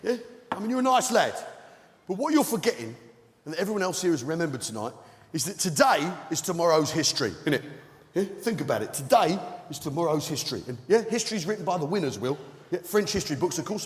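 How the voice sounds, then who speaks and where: A man's voice: on the high side, big pitch swings, quick pace. A man doing stand-up, rambling in mock worry at one member of the audience. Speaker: stand-up comedian. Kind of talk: stand-up routine. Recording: roomy hall with faint noise.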